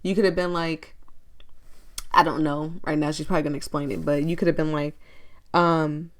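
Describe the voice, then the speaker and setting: Chatty woman streamer with a lower voice. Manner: chatty and animated, quick to gush and react. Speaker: streamer playing an indie game. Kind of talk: let's play commentary.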